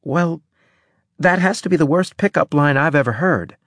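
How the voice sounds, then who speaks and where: A firm, patient woman doctor, played by a male narrator in a raised voice. She speaks with steady authority, and the recording is close and dry. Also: fairly high pitch, moderate pace, no echo, voice pushed up, close to an everyday voice.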